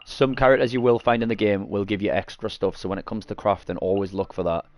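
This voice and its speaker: A low-voiced man explains a game in a steady tone, talking fast with no echo. This gaming streamer's casual tutorial rambles and self-corrects, punctuated by frequent coughs and throat clearing after eating garlic.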